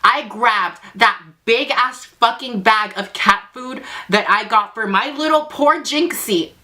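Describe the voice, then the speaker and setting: A woman's voice: a little high, slow pace, pushed and bright. A young woman telling a dramatic story in a casual vlog, sassy and heavily profane. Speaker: vlogger.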